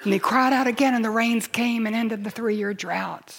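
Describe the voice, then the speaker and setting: A woman preaching a sermon to a congregation in church, building to loud cries and dropping to near whispers. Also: a little high, moderate pace, gravelly.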